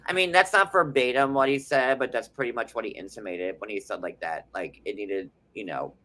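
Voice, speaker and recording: Bright-voiced man recapping reality TV. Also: medium pitch, a little fast. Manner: animated, slips into playful impressions. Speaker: co-host. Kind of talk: casual reality-TV recap chat.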